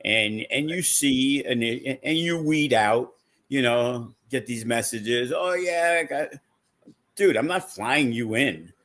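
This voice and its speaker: A man's voice: medium pitch, slow, fairly bright tone. A man who promotes wrestling shows, chatting casually in a blunt, profane, rambling way with lots of fillers. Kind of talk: casual podcast chat.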